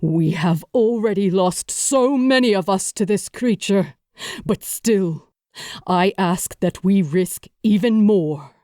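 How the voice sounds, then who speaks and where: A woman's voice: mid-range voice, takes it slowly, mellow, no room sound, clean studio sound, natural voice. A woman reading an audiobook, voicing a grieving male warrior king giving an urgent, rallying speech to his army. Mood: grave resolve.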